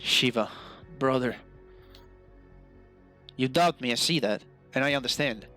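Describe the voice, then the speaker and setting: A man's voice: medium pitch, unhurried, bright, forceful tone, soft background music. A man reading aloud the lines of a troubled young male clan warrior in a role-playing game, speaking in an urgent, defensive manner.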